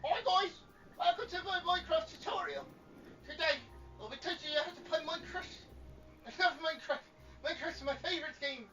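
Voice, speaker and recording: A man mimicking an overeager young male tutorial streamer in a squeaky, exaggerated sing-song, quietly and high. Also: brisk, long pauses, echoey room, distant mic, dull audio. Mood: mocking.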